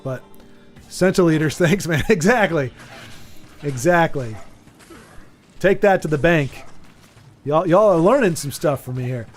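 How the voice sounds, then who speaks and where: American male streamer, high voice, chatty and rambling, faint music bed. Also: expressive, measured pace, long pauses. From United States. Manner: rambling, chatty, lots of restarts, reads chat aloud. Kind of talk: casual chat while gaming.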